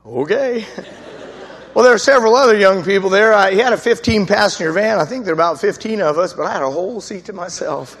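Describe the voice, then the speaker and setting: Lively high-voiced man preaching in a hall. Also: fast, a little hiss or hum. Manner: lively storyteller acting out quoted voices, often laughing. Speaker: preacher giving his testimony. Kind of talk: storytelling sermon.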